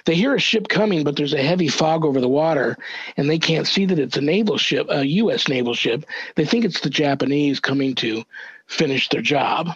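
An older man, a reverend, earnestly recounting a family story as a podcast guest, measured and thoughtful with small restarts. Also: fairly high pitch, fairly bright tone, husky, no room sound. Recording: dull, dry lo-fi audio.

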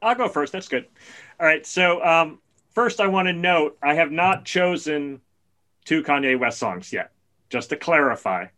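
A man in casual podcast chat, telling a story in an animated, excited way. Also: on the high side, a little slow.

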